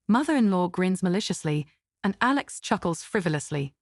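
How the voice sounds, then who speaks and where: A woman narrating a first-person family drama story in an even, steady way. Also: on the low side, brisk, no room sound, clean studio sound.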